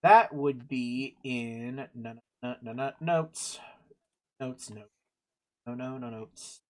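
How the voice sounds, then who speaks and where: A man's voice: mid-range voice, slow pace, darkish tone. Rambling man running a tabletop game. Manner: rambling, laughs at himself, loses track. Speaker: game master. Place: home recording for a livestream.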